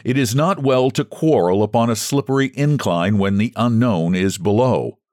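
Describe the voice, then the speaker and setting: A man hosting and reading a story aloud in scripted, expressive, dramatic narration. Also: mid-range voice, moderate pace, dry recording, clean studio sound. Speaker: host and story reader.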